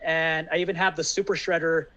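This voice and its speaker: Man, high voice, dull lo-fi sound, casual fan chat, enthusiastic. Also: flat delivery, fairly quick, fairly bright tone. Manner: enthusiastic fan talk, many fillers. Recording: dull lo-fi audio.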